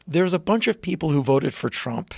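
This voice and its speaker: A man guest telling a story in a casual podcast chat, animated, jumping into loud high voices when he quotes people. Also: normal speed, gravelly, breathy edge, dry recording. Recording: dry close podcast mic.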